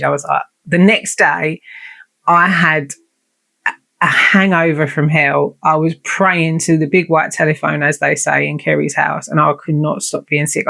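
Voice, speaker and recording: Woman podcast host, gravelly edge, blunt and self-deprecating, sweary storyteller. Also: low voice, a bit bright. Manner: frank, swears freely, self-mocking. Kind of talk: casual storytelling monologue.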